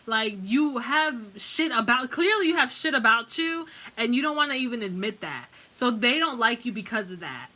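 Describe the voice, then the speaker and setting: A woman's voice: fairly high pitch, animated, moderate pace, few pauses, sharp tone. A woman giving a casual pick-a-card tarot reading, blunt and heavily profane, rambling with restarts and fillers as she talks straight to the viewer. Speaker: tarot reader.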